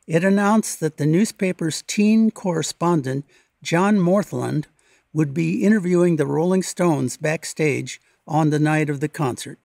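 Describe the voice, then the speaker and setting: A man giving scripted documentary narration in a measured, even, read-aloud delivery, recorded as a close voice-over. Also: a little high, gravelly, dry recording. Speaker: local history narrator.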